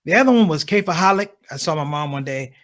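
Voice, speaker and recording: Animated man telling stand-up stories. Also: a little high. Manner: animated storytelling, acts out characters with quick shifts in voice. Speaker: stand-up comedian. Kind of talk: stand-up comedy set. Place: conference stage.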